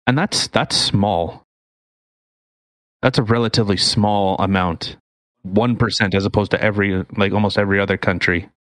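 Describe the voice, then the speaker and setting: A man's voice: lowish voice, fairly even intonation, moderate pace, a bit bright, dry recording. A man co-hosting a casual podcast, explaining news articles in an opinionated way. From Canada. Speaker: podcast co-host.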